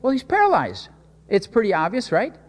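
A man preaching a sermon, telling a scripture story with dramatic swings between loud and soft. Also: high voice, a little fast. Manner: expressive storytelling with sudden swings in loudness. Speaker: pastor. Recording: long hall reverb.

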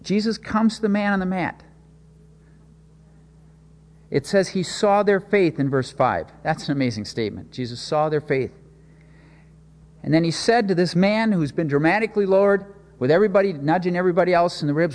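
A man's voice: high-pitched, moderate pace, long pauses. Preacher man in a reverberant hall. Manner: expressive storytelling with sudden swings in loudness. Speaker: pastor. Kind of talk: sermon.

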